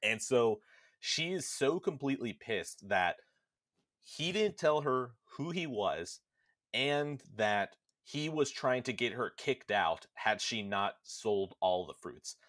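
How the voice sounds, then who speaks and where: A man hosting a podcast, retelling a game's story in a casual, animated way and quickly jumping into quoted lines from the characters. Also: medium pitch, dry recording, studio quality. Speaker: podcast host.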